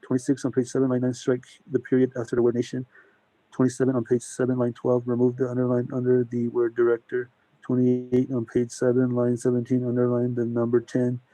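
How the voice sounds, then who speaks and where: Male clerk type, formal reader, monotone delivery, mellow dark tone, dry sound. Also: medium pitch, a little fast, no room sound, poor audio. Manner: steady, methodical list reading. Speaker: council staff reading amendments. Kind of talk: formal reading into the record.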